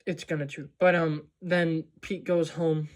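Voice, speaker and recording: A man with a slightly high voice talks through a movie's plot in a loose, casual way. He rambles and fills his speech with "um" and "like" as he goes. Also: level tone, a little slow. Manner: rambling, many fillers like "um" and "like". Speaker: movie reviewer.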